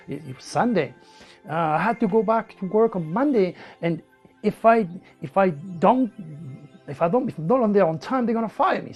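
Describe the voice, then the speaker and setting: A man with a French accent, a native French speaker from the south of France, animatedly recounting personal stories in an interview and acting out what people said. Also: high-pitched. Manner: animated storyteller who acts out quoted speech.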